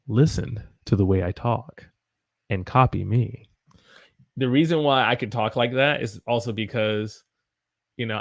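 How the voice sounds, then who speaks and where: A man's voice: fairly low pitch, vocal fry, no room sound, clean studio sound. Southern American man teaching English casually. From Southern United States. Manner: chatty, reads viewer comments aloud, demonstrates pronunciation. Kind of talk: casual livestream English lesson.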